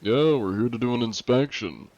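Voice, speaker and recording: During a casual livestream, a man plays a game and chats with viewers, joking and teasing while adopting a mock-Russian persona with a put-on accent. His voice is medium-pitched and a little mellow at normal speed, and the audio sounds dull.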